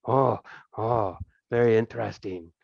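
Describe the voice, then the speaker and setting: A man's voice: fairly low pitch, unhurried, vocal fry, darkish tone, husky, no echo, dull audio, exaggerated voice. A man doing a drawling, greedy thieves' king. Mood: scheming. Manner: oily, drawling, with chuckles and "eh?". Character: huge, greedy, scheming male thieves' king.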